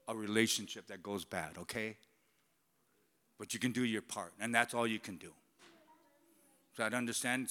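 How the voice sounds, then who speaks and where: A male pastor preaching in a church sanctuary, animated and conversational, moving from loud declarations to near-whispers. His voice is bright and forceful, and a long reverb from the hall trails after each phrase. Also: medium pitch. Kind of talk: sermon.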